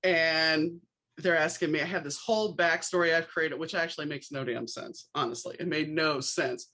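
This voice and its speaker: A woman's voice: sits low, normal speed. A woman from New Orleans hosting a podcast, telling anecdotes in a casual, wry way and acting out the dialogue. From New Orleans, USA. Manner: animated storyteller, acts out dialogue with wry asides. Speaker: podcast host. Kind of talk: casual storytelling chat.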